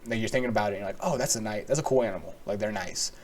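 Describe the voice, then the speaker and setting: A man's voice: lowish voice, very fast. Profane, rambling young American man. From United States. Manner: profane, rambling, sarcastic, laughs often. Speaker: podcast host. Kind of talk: solo podcast rant.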